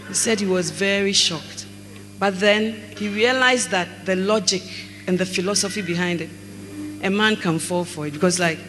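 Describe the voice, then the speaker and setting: A preacher giving a sermon, reading scripture slowly and telling stories with acted dialogue. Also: male voice, sits high, a bit bright. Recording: echoey hall, faint mains hum.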